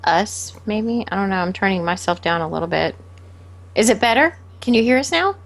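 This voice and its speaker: A woman's voice: medium pitch, animated, normal speed. A woman co-hosting a casual gaming podcast who passes along comments from the chat room and laughs easily. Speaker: podcast co-host.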